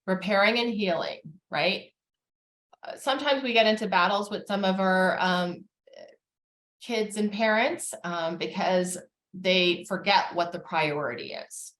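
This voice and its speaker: A woman therapist giving a calm, measured educational talk on family relationships, with frequent fillers. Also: medium pitch, reverberant.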